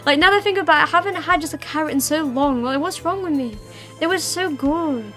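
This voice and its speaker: A woman's voice: sits high, fairly quick, fairly bright tone, faint music behind. A young woman hosting a livestream, chatting casually with her viewers in a rambling way full of fillers and restarts. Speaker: livestream host. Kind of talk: casual chat with viewers while streaming.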